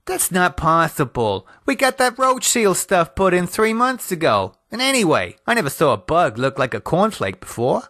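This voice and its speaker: A shrill, bossy middle-aged wife in an audio horror story, as a male reader puts her on. She scolds in a high, sharp falsetto-like voice that leaps around, recorded close and dry. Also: sing-song, moderate pace, hardly any pauses, no room sound, exaggerated voice. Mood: scolding.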